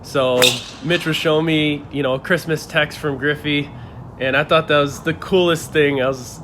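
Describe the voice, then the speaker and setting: A young man from the Buffalo area telling a story to camera in a casual, animated way. He laughs often and acts out the lines of others. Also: on the high side, normal speed, slight background noise. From Buffalo, New York area. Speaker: channel host telling a story.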